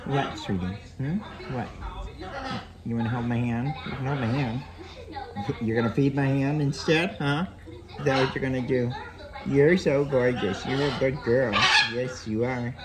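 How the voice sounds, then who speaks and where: A woman at a parrot rescue talking gently to a bird in a coaxing, sing-song baby-talk voice. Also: a bass voice, fairly even intonation, a little slow, a loud crowd. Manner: gentle and affectionate.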